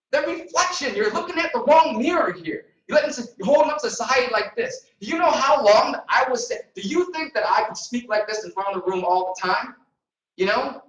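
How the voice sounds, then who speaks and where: A man giving an energetic, repetitive motivational seminar talk to a group in a meeting room. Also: sits high. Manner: energetic, repetitive, preacher-like emphasis. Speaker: motivational trainer. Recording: echoey room, distant mic.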